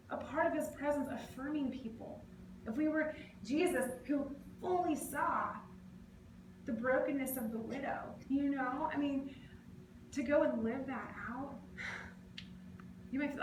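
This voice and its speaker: A woman giving a casual, conversational sermon in a church, animated and playfully acting out other people's voices. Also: sits high. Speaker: preacher. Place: church sanctuary. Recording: echoey church room, faint noise.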